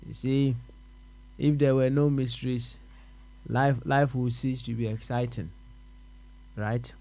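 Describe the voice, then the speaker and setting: A man with a Ghanaian accent hosting a radio question-and-answer show, musing aloud, repeating words and answering himself with soft uh-huhs. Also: medium pitch, steady tone, slow. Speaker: radio host. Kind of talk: reflective radio talk.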